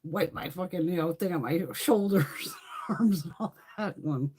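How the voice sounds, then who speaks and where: A woman's voice: fairly low pitch, unhurried, darkish tone, slight background noise. A woman hosting a live beauty stream, chatting casually while trying on makeup, laughing often and swearing freely. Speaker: beauty livestream host. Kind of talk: casual chat during makeup try-on.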